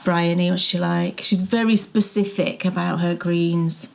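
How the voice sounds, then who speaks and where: A woman's voice: fairly low pitch, fairly even intonation, a little slow, gravelly, slight background noise. A middle-aged woman co-hosting a knitting show, chatting casually and telling stories with frequent laughs. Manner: chatty, storytelling, laughs often. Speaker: podcast co-host.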